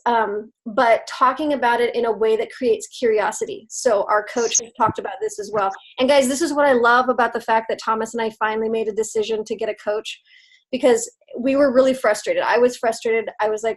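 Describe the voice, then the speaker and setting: Upbeat woman team leader, slightly high voice, casual video-call pep talk. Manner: upbeat, laughs often, chatty with fillers.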